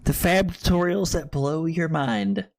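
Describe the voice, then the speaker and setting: A tipsy man streaming live, chatting loudly and jokily into a streaming mic, swearing and laughing often. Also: a little high, animated, unhurried. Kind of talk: casual live-stream chat. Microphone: streaming microphone.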